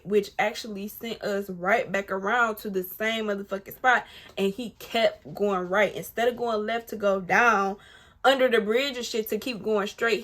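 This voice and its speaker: A woman telling a personal story to her viewers, blunt and profane, acting out what others said. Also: mid-range voice. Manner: animated, blunt and profane, addressing viewers directly; acts out other people's lines mid-story. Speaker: storytime vlogger. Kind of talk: casual storytelling to camera.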